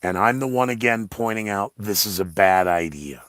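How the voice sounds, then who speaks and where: A man's voice: on the low side, normal speed, fairly bright tone, no room sound, clean studio sound. A man hosting his own podcast, talking in a rambling, blunt monologue full of sarcastic asides. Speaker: podcast host.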